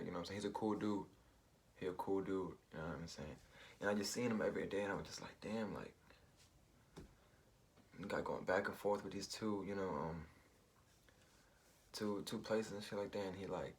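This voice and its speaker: A man telling a personal story in a rambling, slangy way, full of fillers and asides. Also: deep voice. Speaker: vlogger.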